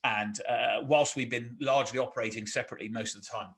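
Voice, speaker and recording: A former army officer co-hosting a podcast tells army stories at a fast clip in a medium-pitched voice. His casual conversational storytelling is chatty and self-mocking, growing animated when he quotes people.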